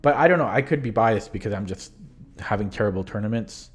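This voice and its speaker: A man's voice: lowish voice, lively intonation, a little fast, husky. A young man who is losing his voice, talking casually through his own chess tournament games on a live stream. He rambles, stops to correct himself and lets sentences trail off.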